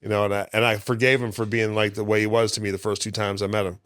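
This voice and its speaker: A middle-aged man, a stand-up comedian, telling frank, profane stories in a relaxed way as a podcast guest on a close mic. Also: fairly low pitch, fast, no room sound. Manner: frank, profane, laid-back storyteller. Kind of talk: candid storytelling in casual interview.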